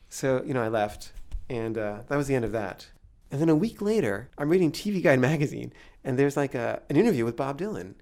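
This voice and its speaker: A man casually telling a personal story, halting and self-deprecating, stammering when he gets nervous. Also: medium pitch, expressive, a little mellow.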